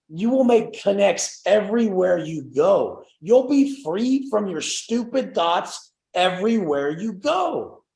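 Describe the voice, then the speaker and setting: On a motivational group coaching call, a brash young man takes the lead, swearing freely and acting out the voices of the people he describes. His gravelly voice sits a little high, and the audio sounds roomy and echoing.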